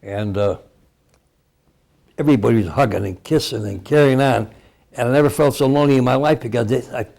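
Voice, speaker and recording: A man's voice: mid-range voice, fairly quick, vocal fry, pauses often, a little mellow. A man in his eighties from Cleveland, Ohio, a veteran telling his story in an oral history interview, rambling and chuckling often. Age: 80s.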